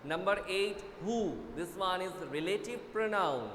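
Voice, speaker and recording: A man with an Indian English accent teaching an online class, brisk and urging students to hurry, often repeating himself. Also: high-pitched, animated, a bit bright. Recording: echoey room with faint noise.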